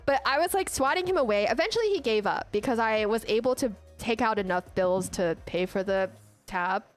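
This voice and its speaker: A young woman streamer chatting casually, telling an animated story full of "like" and restarts. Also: a little high, brisk, faint music behind. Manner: animated storytelling, heavy use of "like". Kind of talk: casual chat.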